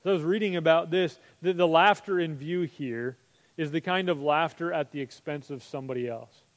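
A man's voice: fairly high pitch, normal speed, in a large hall. A man preaching a sermon as pastor, conversational and full of rhetorical questions.

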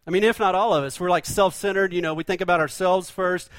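Pastor guy, kinda high voice, chatty sermon, asks the crowd stuff a lot, dry close sound. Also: fairly even intonation, quick pace, a bit bright, dry recording. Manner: folksy, conversational preaching with rhetorical questions.

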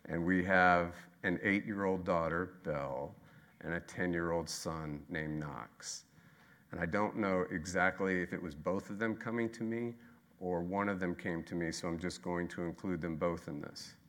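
Bright-voiced preacher with big dynamic swings. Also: male voice, deep voice, steady tone. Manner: swings from loud emphatic repetition to quiet, slow delivery. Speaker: pastor. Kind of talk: sermon.

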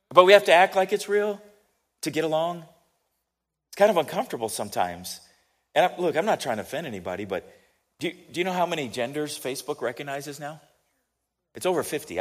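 Animated American man telling a story. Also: a little high. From United States. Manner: animated, chatty storyteller who asks listeners questions. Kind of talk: storytelling sermon.

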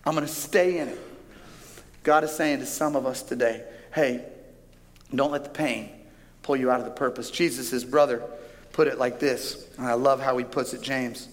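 A man preaching a sermon as pastor, speaking with animated, emphatic delivery and drawing out key phrases. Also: medium pitch, moderate pace. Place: large church auditorium with a stage. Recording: long hall reverb from a large auditorium.

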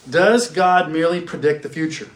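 A man giving a classroom theology lecture. He asks questions, answers them himself, and slows down to stress key words. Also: a little high. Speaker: teacher. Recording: echoey room.

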